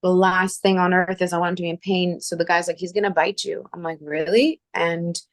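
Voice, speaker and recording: A woman from Canada hosting a casual chat, telling personal stories in an animated way and acting out the voices of people she quotes. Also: fairly low pitch, fairly quick, no echo, clean studio sound. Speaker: show host.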